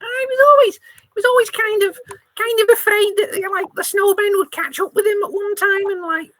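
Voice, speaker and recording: Woman doing a squeaky little Christmas mouse. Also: steady tone, fairly bright tone. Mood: gossipy. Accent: attempted Scouse. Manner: squeaky, rapid and gossipy. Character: tiny cheeky male Christmas mouse. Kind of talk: tabletop role-play.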